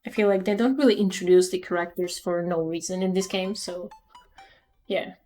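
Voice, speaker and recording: A woman's voice: lowish voice, steady tone, normal speed, warm tone, faint music behind. A woman streamer reading a game's narration aloud and dropping wry, chatty asides. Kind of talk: reading a game aloud with casual commentary.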